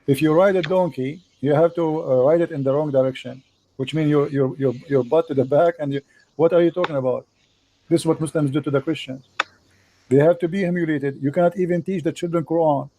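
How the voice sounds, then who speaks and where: Insistent man with broken English, mellow voice. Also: fairly high pitch, steady tone, a little fast, a little hiss or hum. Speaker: debate host. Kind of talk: live online debate.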